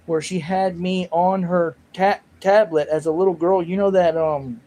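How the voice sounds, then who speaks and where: A man's voice: sits high, fairly even intonation, measured pace, warm tone, a little hiss or hum, low-quality recording. A man hosting his own livestream, rambling and joking about himself while reading the chat. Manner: rambling, self-mocking, reads chat aloud. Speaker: livestream host.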